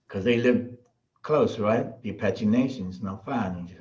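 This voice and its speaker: A middle-aged man with a fairly low voice tells stories in a loose, animated way. He laughs often and slips into the voices of the people he quotes. The recording sounds a little dull and lo-fi. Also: normal speed. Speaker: podcast guest, shaman. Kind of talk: casual storytelling.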